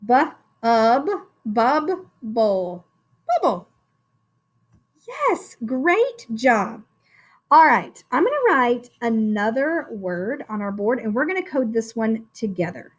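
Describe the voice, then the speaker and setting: High-voiced lady teacher doing a kids phonics lesson, slow and encouraging, sounds out every word. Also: very animated. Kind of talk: phonics lesson for young children.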